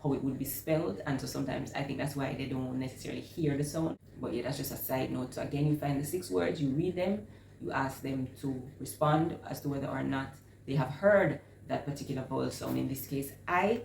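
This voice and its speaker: Low-voiced woman teaching vowel sounds. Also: gravelly, darkish tone, a little hiss or hum. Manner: slow, overemphasized sounding out of vowel words. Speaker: reading teacher. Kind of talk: instructional talk on phonics. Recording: echoey room with faint ambience.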